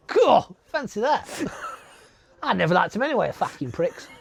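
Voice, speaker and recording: A man's voice: high voice, sing-song, a little slow, creaky, slightly rough, no echo. A young man from England co-hosting a casual comedy film commentary, swearing, stammering and laughing often.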